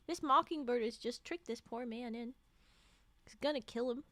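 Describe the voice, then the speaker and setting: A woman's voice: a little high, normal speed, bright, forceful tone, no room sound. A young woman streaming a casual storytime, playful and giggly as she chats with viewers and reads folktales. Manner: giggly and playful, chatting with viewers between readings.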